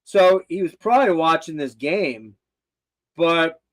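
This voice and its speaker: A man's voice: on the high side, measured pace, fairly bright tone. An older man hosting a casual livestream, rambling and swearing with loose laughter. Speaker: host.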